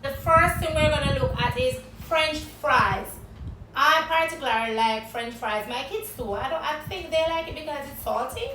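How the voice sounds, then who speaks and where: A high-pitched Jamaican woman teaches vocabulary, spelling words out and putting questions to a guest. She sounds a little off the mic in an echoey room, with faint background noise. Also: moderate pace, bright, forceful tone, distant mic. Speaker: English teacher. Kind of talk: vocabulary lesson.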